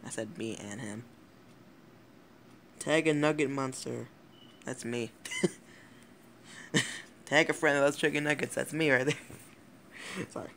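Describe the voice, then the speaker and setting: Giggly teen guy with a gravelly voice. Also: medium pitch, a little slow, pauses often, fairly bright tone, a little hiss or hum. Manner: giggly, rambling, swears often, self-interrupting. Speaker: YouTuber. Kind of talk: casual rambling vlog commentary.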